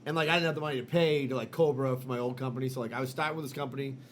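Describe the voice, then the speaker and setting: Animated, profane man telling a story. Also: medium pitch, very fast, a little hiss or hum. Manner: animated, profane, lots of fillers. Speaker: podcast co-host. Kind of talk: casual storytelling chat.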